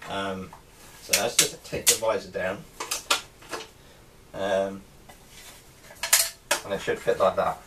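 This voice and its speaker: A man's voice: low-pitched, flat delivery, takes it slowly, long pauses. A man giving a casual show-and-tell of his helmet collection, talking hesitantly with many ums and restarts. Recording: distant mic with faint background noise.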